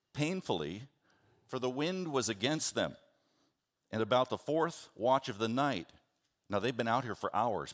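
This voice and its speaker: Animated male preacher, lowish voice. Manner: animated storytelling, acts out biblical voices; conversational, with restarts and asides. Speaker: pastor. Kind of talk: sermon.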